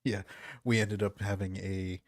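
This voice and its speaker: Soft-spoken low-voiced man, dry sound. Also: a little slow, no room sound. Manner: soft, calm, low-key voice. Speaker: podcast host. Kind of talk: casual podcast chat. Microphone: close studio mic.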